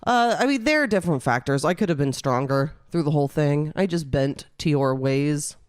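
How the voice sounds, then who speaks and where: A man's voice: a little high, expressive, brisk, clear, resonant tone, dry recording, clean studio sound. A man co-hosting a podcast, chatting casually with wry, self-deprecating humor. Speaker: podcast co-host. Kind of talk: casual chat.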